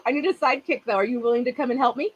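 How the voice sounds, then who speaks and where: A woman's voice: on the high side, rapid-fire, breathy edge, rough recording. A woman in her fifties hosting a craft channel, chatting casually with her livestream viewers in a rambling way and laughing often.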